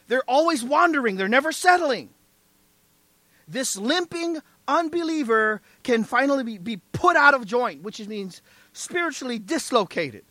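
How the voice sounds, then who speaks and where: Casting note: male pastor with a bright, forceful sermon voice, emphatic and rhetorical, dry close sound. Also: extremely high pitch, no room sound. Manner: emphatic preaching with rhetorical "right?" and "amen?".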